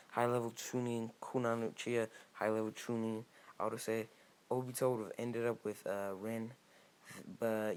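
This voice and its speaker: A man's voice: fairly low pitch, slight background noise. A man casually improvising a fan-fiction story aloud, rambling with many restarts and fillers.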